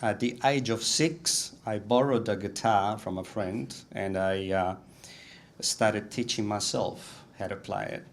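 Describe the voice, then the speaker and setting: A man's voice: fairly low pitch, measured pace, slight background noise. Man telling stories. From Italy. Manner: warm anecdotal storytelling with many fillers. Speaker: guest speaker. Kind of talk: storytelling talk.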